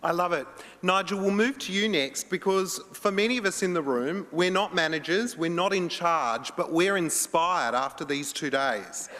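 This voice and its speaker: A man's voice: sits high, normal speed, fairly bright tone. A man moderating a conference panel in an upbeat, playful way. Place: large conference hall. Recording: long hall reverb.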